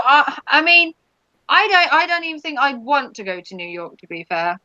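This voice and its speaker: A woman's voice: high voice, sing-song, normal speed, bright, forceful tone, no room sound, dull audio. A woman hosting a casual live stream, chatting with viewers and reading their comments in a rambling way with many ums.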